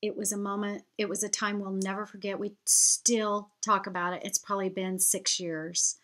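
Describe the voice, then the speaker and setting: A woman's voice: mid-range voice, level tone, normal speed, a bit bright. A woman, chatting to camera as she tells a heartfelt story. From United States. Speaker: vlogger.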